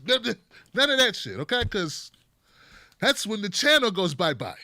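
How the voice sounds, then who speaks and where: A man hosting a comedic political commentary show, talking in an animated, sarcastic and profane way. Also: sits high, normal speed, long pauses, no echo, clean studio sound. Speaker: host.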